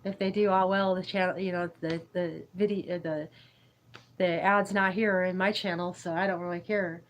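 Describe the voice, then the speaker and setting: A woman with a fairly low voice talks casually on a livestream, drifting from thought to thought. She giggles often and answers her viewers' chat as she goes. A faint hiss sits under the recording. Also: fairly even intonation, normal speed, rough recording. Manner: giggly, meandering, reads chat aloud. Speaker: YouTube livestream host. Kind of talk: rambling spiritual livestream chat.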